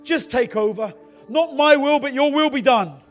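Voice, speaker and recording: High-voiced fervent preacher man. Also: animated, normal speed, soft background music. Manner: storytelling, then builds to fervent exhortation. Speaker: pastor. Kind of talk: sermon.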